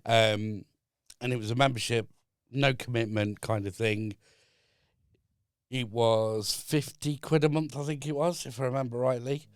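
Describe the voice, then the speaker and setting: A man as a guest on a podcast in a studio, calmly explaining his business ideas with frequent fillers. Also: medium pitch, smooth, dry recording. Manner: measured, explaining step by step with many fillers. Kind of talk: casual chat.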